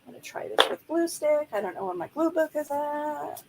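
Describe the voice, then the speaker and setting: A woman's voice: sits high, expressive, quick pace, heavy background noise. A woman chatting casually while she works on a craft project, thinking aloud and explaining each step as she goes. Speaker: journaling crafter. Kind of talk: casual craft tutorial chat.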